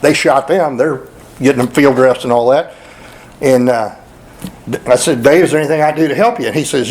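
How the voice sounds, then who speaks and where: A man speaking at a memorial celebration, telling folksy hunting stories with chuckles and halting restarts. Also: medium pitch, a little mellow, rough recording. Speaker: eulogy speaker. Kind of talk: storytelling at a memorial. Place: memorial gathering hall.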